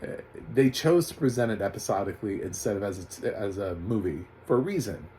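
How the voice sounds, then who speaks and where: A man's voice: fairly low pitch, animated, a little fast, mellow, slight background noise, poor audio. A man giving a casual, rambling TV recap with sarcastic asides and frequent laughs. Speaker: TV recap reviewer. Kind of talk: casual spoken review.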